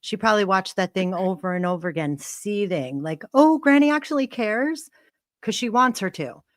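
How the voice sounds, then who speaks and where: A woman's voice: on the low side, fairly quick, a bit bright, no room sound, clean studio sound. A woman reacting on a live stream, heated and profane as she defends someone. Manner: profane, indignant.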